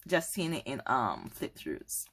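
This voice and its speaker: Bright, lively woman vlogger, gushes and laughs while she unboxes, talking straight to camera. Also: rumbling low, unhurried, vocal fry, breathy edge. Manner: gushing, excitable, apologetic, laughs often. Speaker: tarot content creator. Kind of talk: casual unboxing chat to camera. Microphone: camera mic, holding cards up to camera.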